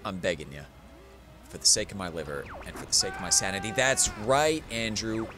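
A man's voice: low voice, fast talker. A man playing a video game and commenting, tipsy from drinking, rambling and swearing with mock-dramatic pleading. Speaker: let's play gamer. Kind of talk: casual let's play commentary. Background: video game music.

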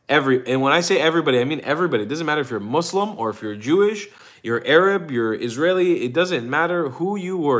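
This host sounds tired and yawns, yet his fairly high, fairly bright voice is animated and quick. On his casual livestream he rambles with restarts and many ums, greeting chat viewers by name.

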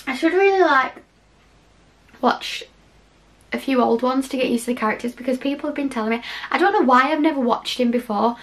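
A young woman hosting a casual reaction vlog from home. Her voice sits a little high, and she talks in a chatty, giggly, rambling way, full of "like"s. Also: fairly quick. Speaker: YouTube reaction host. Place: home, cold room.

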